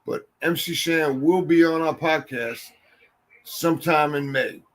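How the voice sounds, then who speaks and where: A man hosting a podcast in casual chat, loud, boisterous and profane. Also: a little high, unhurried, poor audio. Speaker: podcast host.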